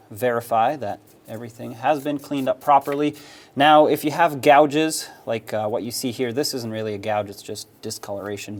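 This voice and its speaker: A man narrating a hands-on auto repair tutorial, practical and step-by-step, with casual fillers. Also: mid-range voice. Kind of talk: instructional how-to narration.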